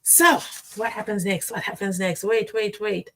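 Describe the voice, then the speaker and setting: Woman, mid-pitched, chatty stream host who talks straight to her chat and wanders off on tangents. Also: moderate pace. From South Africa. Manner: chatty and animated, addresses the chat directly, sidetracks. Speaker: livestream host reacting to a docuseries. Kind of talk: casual livestream commentary.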